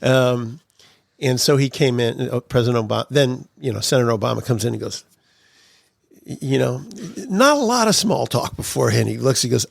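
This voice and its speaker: A man's voice: mid-range voice, lively intonation, brisk, gravelly, no echo, clean studio sound. A man telling political anecdotes as a podcast guest, chuckling through his stories. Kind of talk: storytelling interview.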